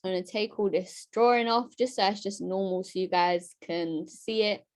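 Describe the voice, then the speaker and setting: A woman giving a live-streamed trading lesson, lively and chatty, talking straight to her viewers and often asking "right?". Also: mid-range voice, normal speed. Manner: talks straight to her chat audience. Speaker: trading educator.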